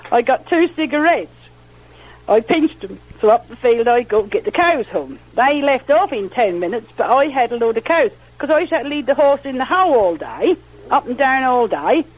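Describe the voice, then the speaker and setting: Older husky countrywoman telling stories. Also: fairly high pitch, highs cut off. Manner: rambling, repeats "well, anyhow", quotes others in lively voices. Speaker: interviewee. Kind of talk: oral history storytelling.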